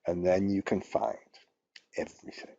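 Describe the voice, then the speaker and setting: A man's voice: low voice, level tone, normal speed, vocal fry, dark tone, dry recording, lo-fi sound. An older man teaching a spreadsheet tutorial, rambling and ranting, with swearing when annoyed. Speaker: instructor. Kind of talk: screen-recorded spreadsheet tutorial.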